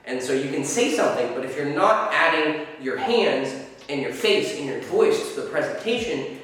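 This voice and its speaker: A male dating coach with a fairly high, slightly bright voice delivers profane, demonstrative lessons to camera, acting out his examples. There's a little hiss or hum, and he's distant from the mic in an echoey hall.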